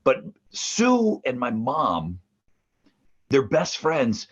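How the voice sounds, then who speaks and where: A man from the northeastern United States co-hosting a podcast from his mother's basement, telling family stories in a casual, animated way with plenty of swearing. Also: medium pitch, very slow, slightly rough, highs cut off. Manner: animated storyteller, swears, acts out family members' voices. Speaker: podcast co-host.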